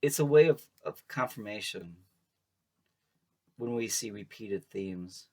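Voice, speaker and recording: A man's voice: on the low side, lively intonation, takes it slowly, darkish tone. Playful, chatty male tarot reader. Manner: chatty and playful, laughs often, sassy asides. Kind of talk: casual tarot reading to camera.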